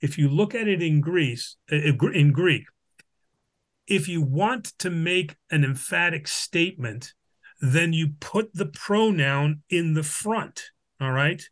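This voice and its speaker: A man's voice: fairly high pitch, takes it slowly. A man teaching a Bible study, talking unscripted with many restarts and "all right?" check-ins. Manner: explains with Greek examples.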